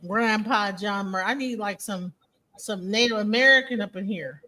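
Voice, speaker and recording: A woman's voice: mid-range voice, normal speed, pushed and bright. A young woman hosting a casual live-stream chat, rambling and joking with plenty of profanity. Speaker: host.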